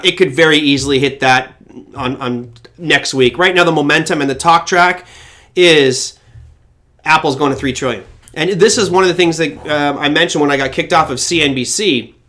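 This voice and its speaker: Chatty man hosting a trading stream. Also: on the high side. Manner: casual and conversational, chatty with viewers; animated storyteller who breaks into impressions. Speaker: trading show host. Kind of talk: live-stream market commentary.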